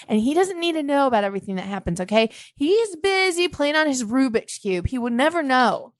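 A woman's voice: sits high, very animated, a little fast, no room sound, clean studio sound. A woman playing a brash, fickle wife on a date, blunt and dismissive, in an improvised comedy scene. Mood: boastful. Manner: blunt, dismissive, swings between extremes. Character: brash, fickle woman cheating on her husband. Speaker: podcast host.

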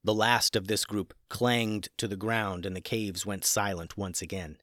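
A man narrating a scripted children's adventure story in an animated, dramatic way. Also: fairly low pitch, measured pace, no echo, clean studio sound.

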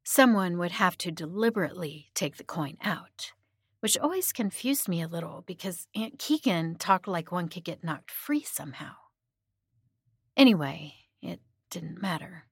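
A soft-spoken woman narrates a first-person horror story. She often sinks into a hushed whisper. Her low voice sits close to the mic in a dry, deadened space. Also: lively intonation, normal speed, slightly rough, no echo.

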